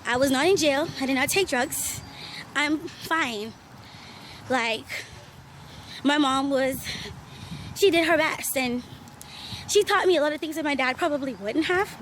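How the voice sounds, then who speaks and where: A young Bahamian woman vlogs candidly while walking uphill under a hot sun, slightly out of breath. Her high, a little bright voice moves a little slowly with frequent pauses. The outdoor background is noisy.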